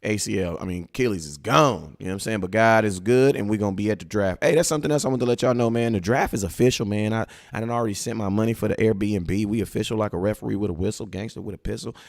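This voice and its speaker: Fast-talking gravelly man. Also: fairly low pitch, dry recording, studio quality. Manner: fast, excitable, repeats words, laughs often. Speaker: co-host of a fan live stream. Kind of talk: casual chat.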